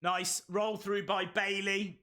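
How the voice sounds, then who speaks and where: Male streamer, excitable play-by-play host; high, very bright voice. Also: takes it slowly. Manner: excitable play-by-play, bursts into shouts. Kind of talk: live reaction commentary.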